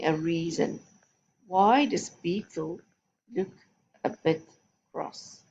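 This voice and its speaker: A woman's voice: fairly low pitch, gravelly, darkish tone, lo-fi sound, a little hiss or hum. A woman teaching a recorded phonics lesson to young children, giving patient, step-by-step instructions. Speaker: primary school teacher.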